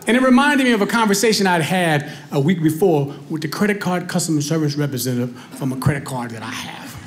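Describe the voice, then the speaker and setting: High-voiced man doing stand-up. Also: fast. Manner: animated storytelling, addresses crowd. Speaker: stand-up comedian. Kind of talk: stand-up comedy. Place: comedy club stage.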